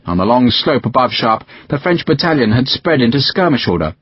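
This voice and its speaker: Expressive male audiobook narrator, husky. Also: a little fast, no echo. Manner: expressive storytelling with varied pitch. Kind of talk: scripted narration. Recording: dull, dry audiobook recording.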